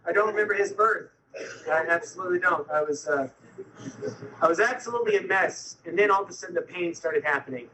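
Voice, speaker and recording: Man, self-mocking storyteller, animated retelling, high bright voice. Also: a little hiss or hum, rough recording. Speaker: speaker sharing his recovery story. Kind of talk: storytelling talk to an audience.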